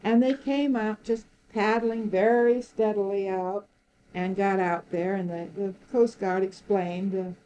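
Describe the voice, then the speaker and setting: A woman's voice: mid-range voice, measured pace, poor audio. An older woman recalling old times in an interview, telling her story with frequent laughter. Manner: lively storyteller, laughs often, acts out quoted speech. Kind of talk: oral history reminiscence.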